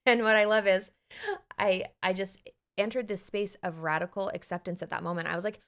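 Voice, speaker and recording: A woman co-hosting a podcast as an anxiety coach, telling a personal story in a casual, animated way, laughing and acting out her own inner voices. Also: medium pitch, fairly quick.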